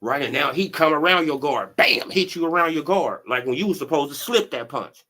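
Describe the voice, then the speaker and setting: A man's voice: on the high side, expressive, brisk, pushed and bright. A man hosting a casual boxing commentary stream, talking animatedly in slang, laughing often and tossing in "right?" and "bro". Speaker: boxing commentary channel host.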